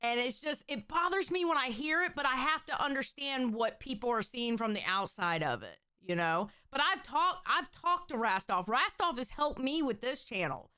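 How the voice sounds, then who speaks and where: Bubbly high-voiced woman streamer. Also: moderate pace, hardly any pauses, clear, resonant tone, dry recording, clean studio sound. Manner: animated, reads chat aloud, swears casually. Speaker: host. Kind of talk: casual livestream chat.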